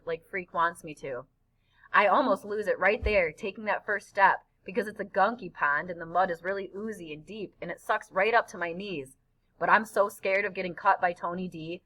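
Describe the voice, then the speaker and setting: Bright-voiced woman narrating a novel. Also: medium pitch, poor audio. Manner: first-person storytelling, lively. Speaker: audiobook narrator. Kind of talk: scripted narration.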